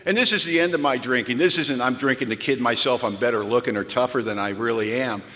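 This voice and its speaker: A man's voice: medium pitch, fast talker, bright, forceful tone. Candid man telling his story in a hall. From United States. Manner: candid, self-mocking, dramatic storytelling. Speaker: recovery speaker. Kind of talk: storytelling talk to a live audience. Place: large hall. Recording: hall reverb from a live talk.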